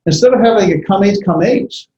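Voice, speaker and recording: A man lectures to a class with a mellow voice that sits a little high. He halts often, filling pauses and restarting his sentences. The recording is dull and lo-fi, with a roomy echo and faint noise behind. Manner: halting, many fillers and restarts. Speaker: instructor.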